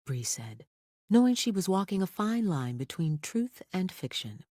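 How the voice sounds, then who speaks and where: Audiobook narrator, thriller, lively pitch, dry close studio sound. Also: measured pace, dry recording.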